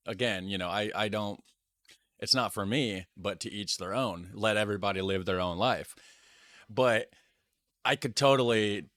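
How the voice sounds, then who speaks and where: A man's voice: lowish voice, fairly bright tone, no echo. Rambling man hosting a reaction video. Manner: rambling, hedging asides. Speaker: reaction channel host. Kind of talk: casual reaction commentary.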